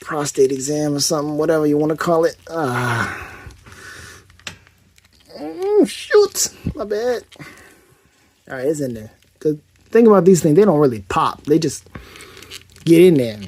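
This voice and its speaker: A man's voice: on the high side, brisk, a little mellow. A man giving a casual, rambling toy review, joking around and correcting himself as he goes.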